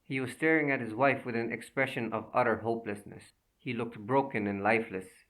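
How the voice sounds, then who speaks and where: A man narrating a thriller audiobook in a steady, measured reading. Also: mid-range voice, far from the mic, poor audio.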